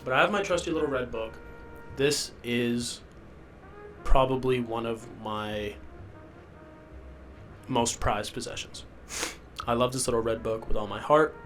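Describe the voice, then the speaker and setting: A young man, sick and sniffling, hosts a solo podcast from a rented house basement, rambling in a loopy, self-deprecating manner. He speaks at a measured pace with long pauses, his medium-pitched voice fairly bright over soft background music.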